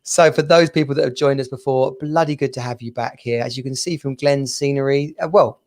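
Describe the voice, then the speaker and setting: A man's voice: medium pitch, fairly even intonation, fairly quick, a little mellow. A man from England hosting a podcast over a video call, chatting in a bouncy, laughing way. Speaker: podcast host. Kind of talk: casual chat.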